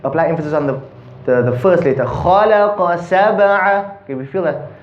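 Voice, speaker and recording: A man's voice: medium pitch, darkish tone, reverberant, lo-fi sound, a little hiss or hum. A man teaching a Quran recitation class, patiently coaching pronunciation and explaining rules between chanted verses. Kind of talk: recitation class with call and response.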